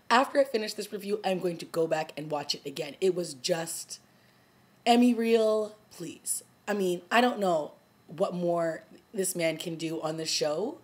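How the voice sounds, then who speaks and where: Chatty and animated, this young vlogger gives a casual review of a TV episode, laughing often and performing lines from the scenes. Her voice is lowish.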